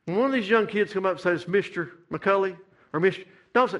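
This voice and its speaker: Middle-aged male preacher, sermon cadence, high ringing voice. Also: lively intonation, fast. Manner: rising to fervent shouted climaxes, repetitive preaching cadence. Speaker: pastor.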